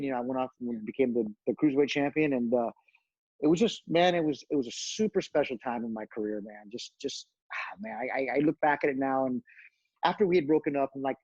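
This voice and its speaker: Husky, animated man telling stories. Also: medium pitch, dry recording, dull audio. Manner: animated storyteller, acts out quoted voices, many fillers. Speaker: guest, retired pro wrestler. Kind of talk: casual storytelling interview.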